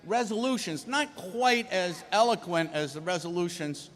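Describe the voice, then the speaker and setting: Emphatic, folksy union speaker, man with a Rhode Island accent, slightly high voice, recorded in a reverberant hall. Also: expressive, moderate pace, a bit bright. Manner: folksy, emphatic, jokes with the audience. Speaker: union leader addressing a convention. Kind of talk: convention speech.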